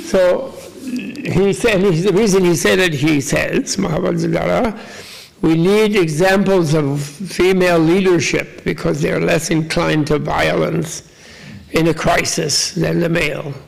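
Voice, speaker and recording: A man's voice: fairly high pitch, fairly even intonation, a little slow, creaky, rough recording. An older man giving a casual, joking Buddhist teaching to a live audience, rambling with asides to the listeners.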